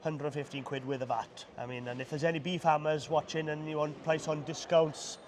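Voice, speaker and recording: Welsh man, bee farmer, modest, stumbling restarts, slightly high voice, faint hum behind. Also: flat delivery, darkish tone. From Wales. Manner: modest, halting, repeats words. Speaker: beekeeping supplier and bee farmer, guest. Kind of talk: casual interview chat.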